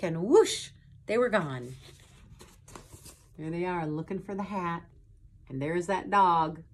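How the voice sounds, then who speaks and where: A woman reading a picture book aloud to children, pausing to point at pictures and ask them questions in a gentle way. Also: on the low side, husky. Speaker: storytime reader. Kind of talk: children's storytime read-aloud.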